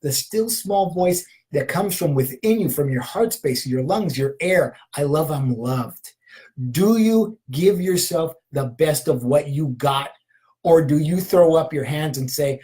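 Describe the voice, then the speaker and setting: A man's voice: fairly high pitch, expressive, a little slow, low-quality recording. Passionate middle-aged man giving a spiritual talk. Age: 50s. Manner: repeats probing questions, punctuates with "aho"; drops into soft whispers at times. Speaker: shamanic healer.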